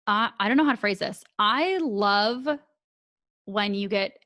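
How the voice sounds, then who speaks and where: A woman hosting a podcast in casual chat, animated and laughing often, swearing freely. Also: medium pitch, unhurried, no room sound, clean studio sound. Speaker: podcast host.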